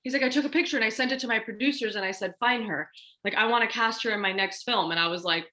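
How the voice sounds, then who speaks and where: A woman guest in a relaxed interview with a bright, forceful tone and a fairly high voice. She tells stories in a lively way and acts out quoted lines of dialogue along the way. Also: fast. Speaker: stunt performer and martial artist guest. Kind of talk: casual interview storytelling.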